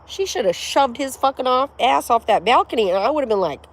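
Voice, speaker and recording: A middle-aged woman telling a story in a loose, chatty way, laughing a lot and swearing as she goes. Her voice moves freely up and down in pitch, and faint outdoor noise hangs in the background. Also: a little fast, hardly any pauses. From United States. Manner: laughing often, profane, animated storyteller. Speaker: vlogger. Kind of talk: casual storytelling chat to camera.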